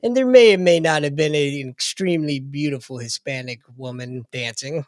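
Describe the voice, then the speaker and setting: A man's voice: on the high side, fairly quick, no room sound, clean studio sound. A man in his fifties hosting a podcast, joking and telling stories in a casual chat. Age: 50s. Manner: playful, self-deprecating storyteller.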